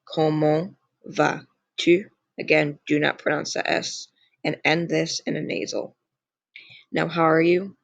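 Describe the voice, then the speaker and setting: A young man walks through a beginner lesson from slides, slow and patient, repeating each phrase for drill. His voice sits a little high and is heavy with gravel. The sound is dry and close, with no room around it. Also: level tone, a bit bright, no room sound. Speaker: language teacher. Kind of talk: slide-based lesson narration.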